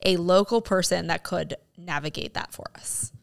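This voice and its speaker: A woman's voice: lowish voice, normal speed, gravelly. A woman co-hosting a casual movie podcast, chatty and laughing often as she acts out little quotes. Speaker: podcast co-host.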